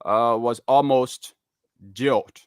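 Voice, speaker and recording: Slow, hesitant man. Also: mid-range voice, steady tone, smooth, no echo, clean studio sound. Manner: hesitant, many fillers and stammers. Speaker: co-host. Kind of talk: news talk segment.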